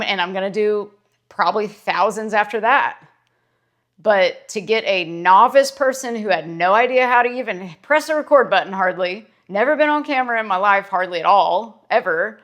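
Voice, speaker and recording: A woman's voice: medium pitch, fairly bright tone. A woman, a social worker, speaking straight to camera in a self-made motivational video. She talks earnestly and with emphasis, repeating her phrases to drive each point home. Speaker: licensed clinical social worker and mindset vlogger.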